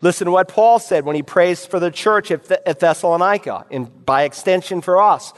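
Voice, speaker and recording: A man delivers an expository sermon, reading scripture aloud and directing his listeners with emphatic, teacherly insistence. His voice sits high for a man. It rings out with a long reverb, as if filling a large church sanctuary. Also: brisk. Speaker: pastor.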